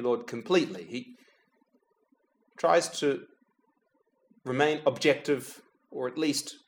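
A man preaching a reflective, prayerful homily, speaking directly to Jesus and dropping to a hush whenever he says the name, with touches of gentle humor. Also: medium pitch.

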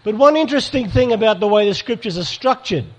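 Expressive and quick, a man with a high voice leads a live church workshop in front of an audience. He's pastoral and direct with the crowd, asking people to put their hands up.

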